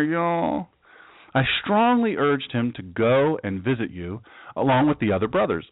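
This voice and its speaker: A man's voice: mid-range voice, dry recording. A man giving a casual, folksy Bible teaching as pastor, with joking asides. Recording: dry, tinny phone-like sound.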